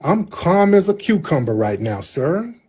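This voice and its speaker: A man's voice: on the high side, sing-song, measured pace, a little mellow, husky. A man hosting a heated debate, insistent and repeatedly calling the other man "sir". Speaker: podcast host. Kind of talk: heated live-stream debate.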